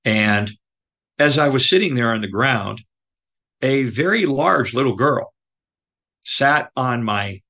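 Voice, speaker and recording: A man guest telling a personal story, earnest and emotional, halting with many fillers and restarts. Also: mid-range voice, animated, sharp tone. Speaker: podcast guest.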